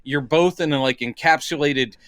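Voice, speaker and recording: A man's voice: fairly high pitch, moderate pace, a bit bright, clean tone, dry recording. A man co-hosting a podcast, chatting casually and rambling as he retells movie scenes. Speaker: podcast co-host. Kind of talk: casual movie review chat.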